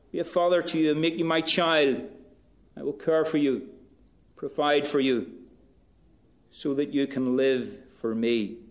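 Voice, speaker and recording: A man preaching a sermon in a slow, measured way, rising in pitch and force for emphasis. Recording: dull lo-fi recording.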